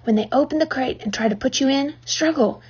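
A woman voicing a wise, bossy old female sheep who gives urgent, hushed orders in a children's story. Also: high voice, fairly quick, slightly rough, pitched above the performer's own voice. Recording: dull lo-fi recording.

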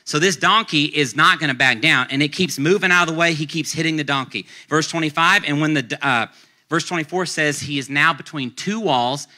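A male pastor preaching a sermon, retelling a story in a lively, conversational way and acting out the characters' lines. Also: fairly high pitch, a little fast. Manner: conversational, uses casual slang.

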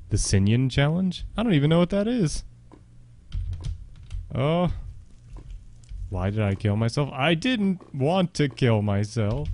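A man doing casual game commentary on a live stream, chatty with viewers and a co-player, breaking into panicked yelps and shouts. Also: mid-range voice, a little hiss or hum.

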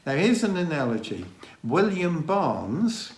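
A man with a mild Dorset accent, co-hosting a casual chat in a measured, deliberate way. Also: on the high side, sing-song. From England. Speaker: co-host. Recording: roomy echo.

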